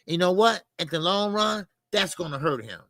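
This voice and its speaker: A man's voice: high voice, animated, moderate pace, pushed and bright, dry recording. A man talking boxing in a blunt, heated way, repeating his points. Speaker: boxing commentator. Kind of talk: casual boxing debate.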